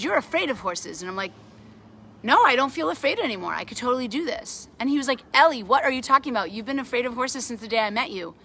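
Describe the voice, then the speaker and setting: Bright-voiced woman telling a lively story. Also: a little high, slight background noise. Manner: animated, grows excited while retelling a story. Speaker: animal sanctuary founder. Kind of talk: casual storytelling testimonial. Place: outdoors at a farm sanctuary.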